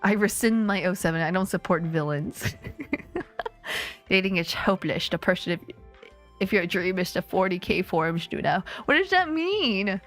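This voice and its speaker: Woman streamer, mid pitch, very animated delivery, casual storytelling with frequent swearing and laughter. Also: moderate pace, soft background music.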